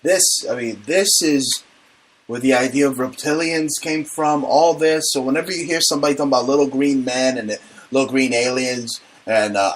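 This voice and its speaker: A man's voice: medium pitch, a little hiss or hum. A man hosting a casual comedic talk show, brash and profane, joking as he rants. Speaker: podcast host.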